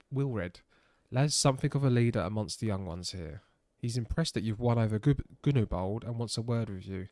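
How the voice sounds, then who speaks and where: A man's voice: medium pitch, darkish tone, no room sound, lightly acted. A man voicing a friendly young messenger in a game, in a casual, chatty way.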